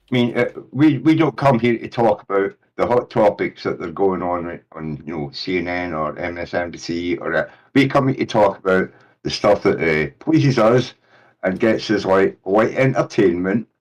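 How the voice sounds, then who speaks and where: A man's voice: deep voice, normal speed. A man in his sixties chatting on a group call, rambling and often repeating filler phrases. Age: 60s. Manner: rambling, repeats "you know what I mean". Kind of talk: casual group call chat.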